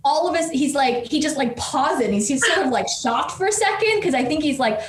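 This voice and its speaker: A woman professor telling a story as a podcast guest, animated and quick, with many fillers. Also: sits high. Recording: roomy echo with faint noise.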